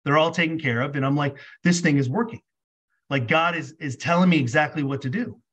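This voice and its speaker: This podcast guest, whose voice is a little high and fairly quick, casually recounts a personal story. He plays both parts of each exchange with lots of "like"s.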